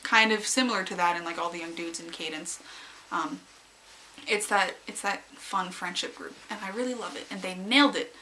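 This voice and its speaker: With a slight hiss or hum in the recording, a young woman reviews a favorite fanfic at a moderate pace. She's giggly and casual, wandering from point to point and squealing high when she mimics her own reactions.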